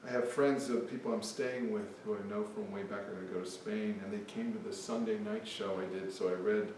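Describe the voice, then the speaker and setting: A man's voice: on the low side, fairly even intonation, brisk, a little mellow, distant mic, slight background noise. Man reading poems in an echoey hall. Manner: chatty, offhand asides between poems. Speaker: poet. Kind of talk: live poetry reading. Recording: echoey hall, mic from afar.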